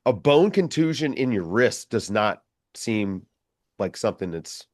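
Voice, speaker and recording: A man's voice: fairly low pitch, very animated, unhurried, darkish tone, dry recording, studio quality. A man co-hosting a sports podcast, talking in a laid-back, hesitant way with lots of fillers. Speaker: podcast co-host. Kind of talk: casual sports chat.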